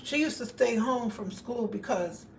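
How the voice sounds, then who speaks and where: A woman's voice: a little high, a little slow, creaky, a little mellow, distant mic. A woman hosting a casual livestream, telling stories emphatically and speaking straight to her viewers over a phone. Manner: emphatic storytelling, addresses viewers directly. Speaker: livestream host. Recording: voice a bit off mic, faint background noise.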